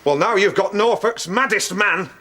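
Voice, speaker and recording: An actor playing a pompous, excitable man who gets indignant and overexcited when he retells films, heard in a clip from a sitcom. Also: sits high, normal speed. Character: pompous, excitable middle-aged male film obsessive. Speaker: comedy character. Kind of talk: sitcom acting. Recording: noisy clip with clicks.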